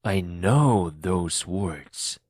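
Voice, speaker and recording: A man's voice: low-pitched, animated, very slow, darkish tone, no echo, studio quality, heavily acted. A man voicing a superstitious, frightened pirate who speaks fearfully, in an audiobook reading for learners. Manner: fearful, anxious.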